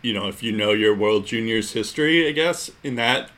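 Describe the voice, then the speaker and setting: A man's voice: fairly low pitch, moderate pace, fairly bright tone. A man co-hosting a casual sports podcast, rambling with lots of fillers. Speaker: podcast co-host.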